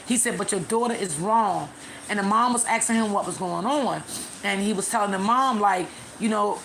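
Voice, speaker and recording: A woman hosting a casual live stream, retelling a story to her viewers in a chatty way with many pauses and fillers. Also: medium pitch, creaky, fairly bright tone, a little hiss or hum.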